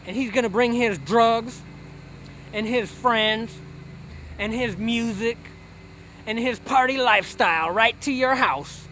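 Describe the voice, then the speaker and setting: A man's voice: extremely high pitch, slow, fairly bright tone, a little hiss or hum. A man giving a brash, slangy comic sermon, lecturing listeners in a preachy rant. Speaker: satirical preacher character.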